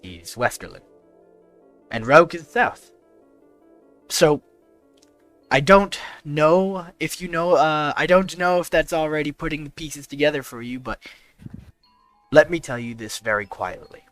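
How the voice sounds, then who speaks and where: A man playing Pierre, an earnest bright-voiced adventurer. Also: fairly high pitch, faint music behind, voice pushed up. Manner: earnest, confiding, measured persuasion. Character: earnest young man pleading with a guard. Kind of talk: in-character tabletop role-play.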